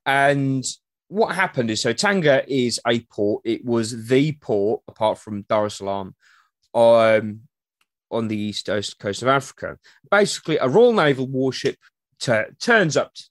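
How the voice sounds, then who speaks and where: Male history guest, loose and chatty storyteller, mid pitch, dry close sound. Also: unhurried, no echo. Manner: chatty, animated, acts out quotes in the stories. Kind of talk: casual storytelling interview.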